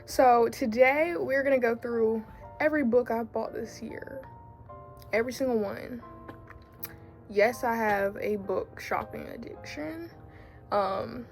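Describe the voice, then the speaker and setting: A woman's voice: a little high, a little slow, creaky, soft background music. A woman in her late teens with a Southern US country accent, chatting casually in a rambling way, full of fillers and self-corrections, as a book vlogger. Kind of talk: casual chat.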